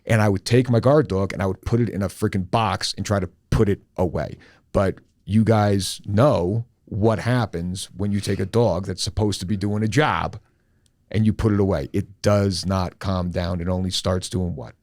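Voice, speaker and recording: A middle-aged man hosting a podcast, telling a personal story candidly and with animation, sometimes slowing down and sometimes rushing. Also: low-pitched, no echo, clean studio sound. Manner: animated, candid, swings between slow and rushed. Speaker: podcast host.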